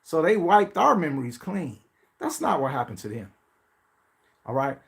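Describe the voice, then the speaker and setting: A man's voice: on the high side, sing-song, moderate pace, creaky. A man hosting a podcast, talking in a casual, profane monologue that swings between mocking pleading voices and blunt asides. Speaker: podcast host.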